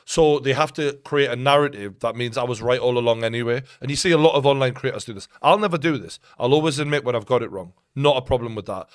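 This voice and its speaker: A man's voice: mid-range voice, fast, few pauses, clean tone, no room sound, studio quality. Chatty Geordie man commentating live football. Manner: chatty, opinionated, bursts into shouting at big moments. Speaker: co-host of live football watchalong. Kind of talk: casual live match commentary.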